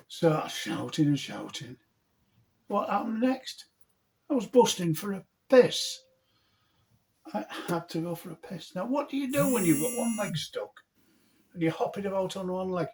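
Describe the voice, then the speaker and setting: A middle-aged man, telling a funny story from his own life in an animated, earthy, self-mocking way. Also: sits high, moderate pace, a little hiss or hum. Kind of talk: humorous personal storytelling.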